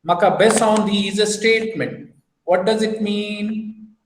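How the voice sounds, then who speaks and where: A man with a high voice teaches a beginners' language class over a video call. He talks patiently, repeats each phrase slowly and explains it with everyday examples. The sound is echoey, as if he is in a bare room. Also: fairly even intonation, a little hiss or hum.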